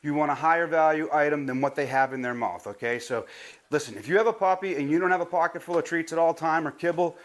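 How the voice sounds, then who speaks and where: A man teaching a puppy commands on video, talking straight to viewers in a casual, chatty way. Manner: talks to the viewer and praises the puppy in a high, drawn-out voice. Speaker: dog trainer. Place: training a puppy, moving around.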